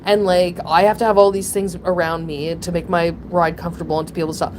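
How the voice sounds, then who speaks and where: A woman hosting a casual chat, rambling through a story with frequent laughter and sudden high, emotional bursts. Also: fast, a little hiss or hum. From Ontario, Canada. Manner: rambling, animated, laughs often, breaks into emotional high pitch. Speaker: channel host.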